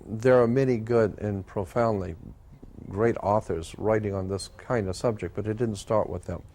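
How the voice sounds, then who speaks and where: An older man telling a personal story as an interview guest, earnest and halting, with frequent fillers and restarts. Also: lowish voice, darkish tone.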